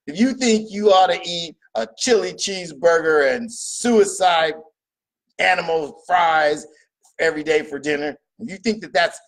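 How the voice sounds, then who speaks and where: A man giving a motivational talk in an emphatic, preachy way. He repeats his points and asks questions, then answers them himself. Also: a little high. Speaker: motivational speaker.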